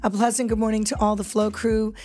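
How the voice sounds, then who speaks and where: A woman's voice: a little high, level tone, fairly quick, darkish tone. Upbeat woman hosting morning radio. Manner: upbeat, reads listener texts aloud. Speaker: radio host. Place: radio studio.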